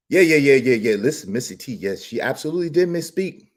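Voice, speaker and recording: Animated man ranting on a stream. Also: medium pitch, fast talker, hardly any pauses. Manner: theatrical, mocking, swings from shouting to muttering. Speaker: streamer host.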